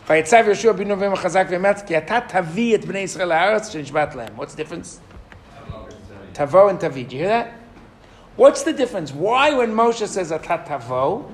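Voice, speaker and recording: A man's voice: high-pitched, slight background noise. A middle-aged man teaching a Torah lesson to a classroom, asking the students questions and reading Hebrew verses aloud.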